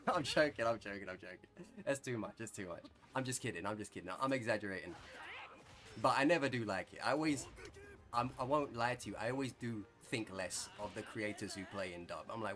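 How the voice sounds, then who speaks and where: A man's voice: fairly low pitch, brisk, fairly bright tone. Joking male gamer over game music. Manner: joking, chatty, laughs often. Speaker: gaming content creator. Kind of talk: live gameplay commentary.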